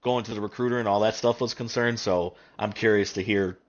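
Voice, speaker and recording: A man's voice: fairly low pitch, fairly even intonation, brisk. A man hosting a casual interview, laid-back and swearing freely. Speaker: podcast host. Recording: dull lo-fi audio.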